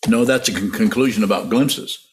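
A low-voiced man teaching meditation in an unhurried, halting way. He often restarts and repeats words, and breaks into laughs as he answers listener questions. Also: a little mellow, faint music behind.

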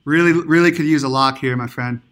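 A man's voice: a little high, fairly quick, a bit bright, lightly acted. A man faking a Southern accent on a prank phone call, chummy and rambling as he wheedles for tips. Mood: wheedling. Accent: put-on Southern US. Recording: phone call played on a podcast.

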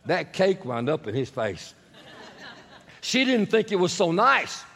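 A man preaching a sermon as pastor, animated and asking the congregation questions, sometimes rising to shouts. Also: high-pitched, a little slow, gravelly. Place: church sanctuary. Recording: long church reverb.

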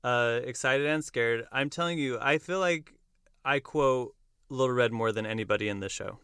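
A young man hosting a podcast, recapping a musical in casual chat, animated and quick to laugh. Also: medium pitch, clear, resonant tone, dry recording, clean studio sound. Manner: enthusiastic storyteller who acts out lines and laughs often. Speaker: podcast host.

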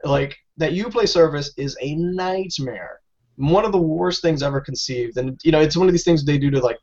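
A man's voice: on the high side, moderate pace, a little mellow. A man co-hosting a casual gaming podcast, ranting and swearing freely. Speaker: podcast co-host. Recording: dull lo-fi audio.

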